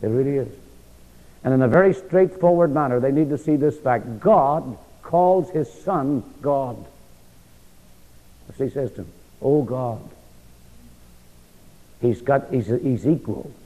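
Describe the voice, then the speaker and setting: A man preaching a sermon with emphatic delivery, rhetorical questions and sweeping swings in pitch, recorded in a church hall. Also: mellow. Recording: dull lo-fi sound with long hall reverb.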